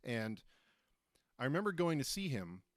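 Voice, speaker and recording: A man's voice: medium pitch, sing-song, normal speed, dry recording, clean studio sound. A middle-aged man hosting a casual interview, enthusiastic, with stammered restarts. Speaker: host.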